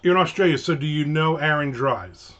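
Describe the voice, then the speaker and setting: A man's voice: fairly high pitch, a little fast, a bit bright. A man from the United States chats on a livestream, answering viewer comments with jokes. His talk rambles, trails off and starts over. The sound is a little muffled and lo-fi. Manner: rambling, jokey, trails off and restarts often. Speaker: livestream host. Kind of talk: casual livestream chat reading viewer comments. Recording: slightly dull lo-fi home mic.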